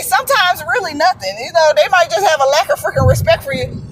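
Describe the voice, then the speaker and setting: A woman's voice: very high voice, animated, fast talker, a bit bright, slight background noise, poor audio. A woman vlogging casual commentary from a moving car, slangy and chatty, stumbling over words when she reads aloud. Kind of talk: casual commentary while driving.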